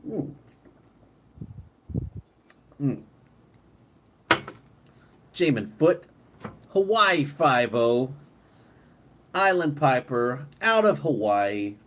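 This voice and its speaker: Unhurried man chatting on a live stream. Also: mid-range voice, low-quality recording. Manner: relaxed, reads viewer comments aloud, laughs often. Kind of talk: casual live stream chat. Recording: clear background noise.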